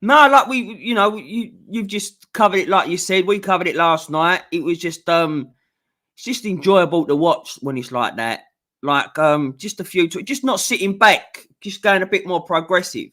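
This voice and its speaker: A man in a casual football chat, with a high, bright voice. He rambles easily, piles on fillers and keeps a chatty flow. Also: animated, normal speed. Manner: chatty, rambling, laughs a lot. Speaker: co-host.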